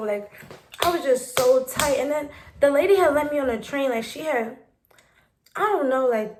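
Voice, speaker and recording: Young New woman vlogger, higher voice, rambling animated storytime delivery. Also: normal speed, background noise. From New York City. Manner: animated, rambling retelling with quoted dialogue. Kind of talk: casual storytime.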